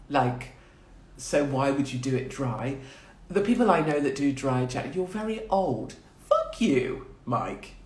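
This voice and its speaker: Woman, forties, crude and irreverent, rambling livestream chat, phone mic, echoey small room. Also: rumbling low. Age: 40s. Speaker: livestream host. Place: small hotel quarantine room.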